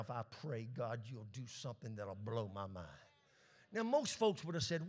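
A man pastors through a call-and-response sermon in a sing-song, somewhat slow delivery, moving from hushed, low asides up to shouted peaks.

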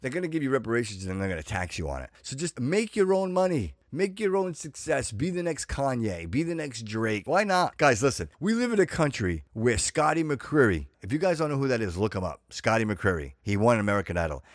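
A man's voice: medium pitch, sing-song, brisk, few pauses, no echo, studio quality. A middle-aged man hosting a podcast, ranting in a casual monologue and repeating himself as he gets fired up. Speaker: podcast host.

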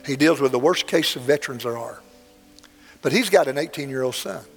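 Earnest older preacher in a hall. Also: male voice, medium pitch, fairly quick, husky. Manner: plainspoken and earnest, with dramatic swells. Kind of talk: sermon with storytelling. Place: church sanctuary. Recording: long hall reverb, faint music.

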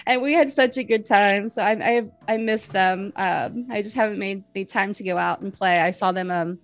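A woman's voice: medium pitch, normal speed, hardly any pauses, no room sound. A woman in her forties chats as a podcast guest, rambling and laughing often, with a mid-range voice. The sound is dry and close. Faint music sits underneath. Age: 40s. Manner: chatty, giggly, rambling with many fillers. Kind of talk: casual interview chat.

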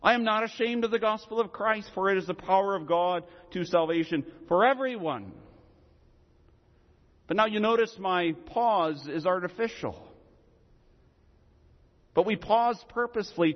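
A man preaching a sermon as pastor, with emphatic delivery and deliberate dramatic pauses. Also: high-pitched, lively intonation, long reverb tail, muffled recording.

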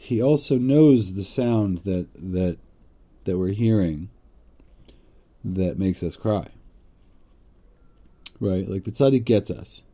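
A man teaching a religious text casually, translating phrase by phrase with halting restarts. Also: deep voice, dark tone.

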